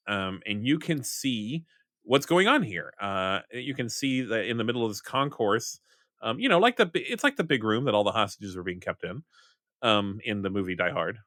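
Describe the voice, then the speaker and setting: Bright, animated game master. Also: male voice, mid-range voice, no echo, studio quality. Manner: rambling, full of fillers and self-corrections. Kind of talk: narrating a tabletop game.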